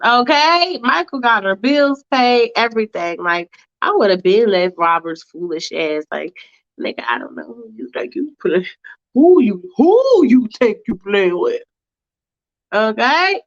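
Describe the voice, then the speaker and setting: A woman narrating a casual fanfiction storytime with chatty, laughing, slangy asides. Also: mid-range voice. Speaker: storyteller and show host. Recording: dull lo-fi recording.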